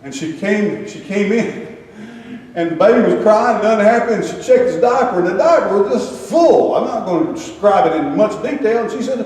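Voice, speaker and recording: An older man preaches in a folksy, joking storytelling way, his voice a bit high but dark and mellow. He sounds distant from the mic, with a long, booming echo of a big hall around him. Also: animated, normal speed. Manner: storytelling with humorous asides. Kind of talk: folksy sermon with slides.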